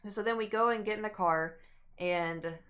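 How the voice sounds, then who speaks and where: A woman's voice: medium pitch, normal speed. A young adult woman streamer casually telling a long story to her chat, rambling and acting out what people said. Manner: rambling, animated, acts out quotes.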